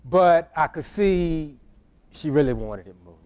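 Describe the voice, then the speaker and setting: Slow, high-voiced pastor telling a funny story. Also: male voice, animated, darkish tone, clear, resonant tone. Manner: humorous, repeats and restarts words. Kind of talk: conversational storytelling sermon.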